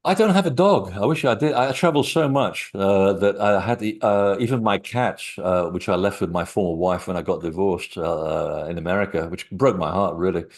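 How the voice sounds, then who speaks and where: A man's voice: low voice, moderate pace, hardly any pauses. A middle-aged man, a guest author, talking casually in an interview and telling rambling anecdotes with many fillers.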